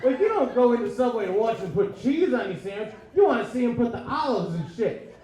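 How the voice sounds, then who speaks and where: A man doing stand-up comedy, with a profane rant style and shouted bursts, acting out dialogue. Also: very high-pitched, big pitch swings, brisk. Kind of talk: stand-up set. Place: comedy club stage. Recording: echoey club with crowd laughter. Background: audience laughing.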